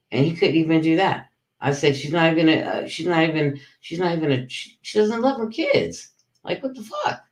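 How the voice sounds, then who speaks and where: Livestream host, heated profane rant, talks to chat, roomy echo. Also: medium pitch. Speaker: livestream commentator. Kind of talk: ranting livestream commentary.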